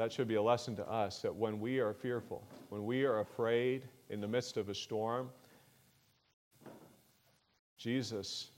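A man preaching a sermon in an earnest, measured way, growing louder on the words he stresses. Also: medium pitch.

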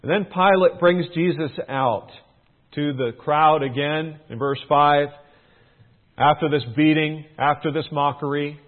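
A man's voice: on the high side, fairly even intonation, measured pace. A middle-aged man teaching through a Bible passage, earnest, his emphasis rising on questions. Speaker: preacher. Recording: tinny phone-like band.

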